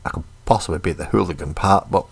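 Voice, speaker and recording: Low-voiced English man from Manchester. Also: fast talker, vocal fry, slightly rough. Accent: English, Manchester area with Glaswegian slips. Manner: self-deprecating, chatty, mimics accents. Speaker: miniature painting streamer. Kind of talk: casual rambling chat while painting. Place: home hobby desk. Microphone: webcam mic.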